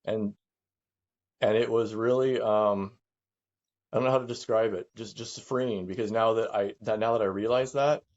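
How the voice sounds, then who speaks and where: A middle-aged man speaking candidly as a guest, halting and reflective, often repeating words as he works through his thoughts. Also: fairly low pitch, fairly even intonation, a little mellow, dull audio. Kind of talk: candid conversation.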